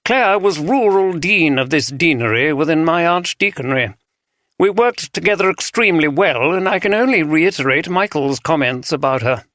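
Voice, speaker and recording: A man's voice: fairly high pitch, animated, normal speed, a bit bright, no room sound, voice pushed up. Male reader voicing a precise, refined RP archdeacon, icy, dry close recording. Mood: grave. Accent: English RP. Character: tall, thin, cold male archdeacon.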